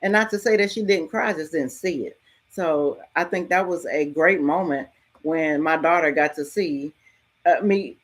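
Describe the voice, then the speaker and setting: A middle-aged woman hosting a podcast, giving a frank, casual motivational talk and telling stories with lively ups and downs and some mild swearing. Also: low-pitched. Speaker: podcast host.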